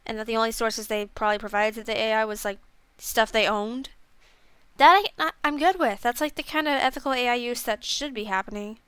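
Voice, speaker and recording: A woman's voice: fairly high pitch, fairly quick, a bit bright, clean tone, dry recording. A young woman streamer chatting casually about a game she played, rambling and self-deprecating with lots of fillers. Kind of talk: casual game review chat.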